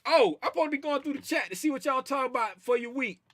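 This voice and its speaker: A man's voice: very high-pitched, animated, fast, fairly bright tone, no room sound. A man hosting a casual trading livestream, reading viewer comments in a loose, slangy way and repeating his phrases. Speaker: trading stream host.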